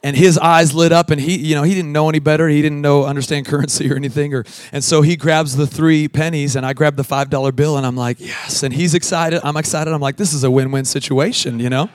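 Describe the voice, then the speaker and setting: Emphatic preacher, higher male voice. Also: fairly even intonation, fast talker, few pauses, no echo. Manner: swings from loud emphatic preaching to quiet storytelling; laughs at his own story. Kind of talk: sermon with a told childhood story.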